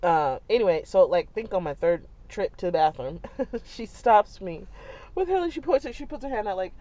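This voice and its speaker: A young woman, a mother, telling a family story in a chatty, animated way, with many fillers and frequent laughs. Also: mid-range voice, moderate pace. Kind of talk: casual storytelling vlog. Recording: dull lo-fi sound.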